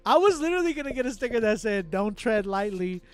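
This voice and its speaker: A man from Texas with a Texan accent, hosting a casual chat and telling animated, self-mocking stories. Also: high-pitched, brisk. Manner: animated storytelling, loud excited outbursts, self-mocking laughs. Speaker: host. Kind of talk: casual chat with live chat readers.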